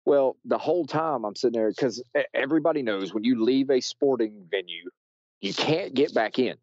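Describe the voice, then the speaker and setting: An American man, a podcast guest, telling a story casually with many restarts and fillers, shouting loudly when he acts out quotes. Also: medium pitch, expressive, normal speed, no room sound, muffled recording. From United States. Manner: rambling, with frequent restarts and fillers.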